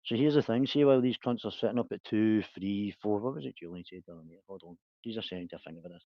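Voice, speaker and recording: Low-voiced man ranting. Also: fast, dry recording, muffled recording. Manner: swears a lot, rambling, laughs often. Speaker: livestream host. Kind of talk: casual livestream chat.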